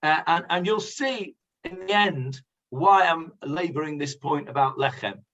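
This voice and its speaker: Rabbi teaching class over muffled audio. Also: male voice, a little high, unhurried, a bit bright. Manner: hesitant, many fillers, asks class questions. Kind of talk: conversational Bible class. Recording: dull lo-fi sound.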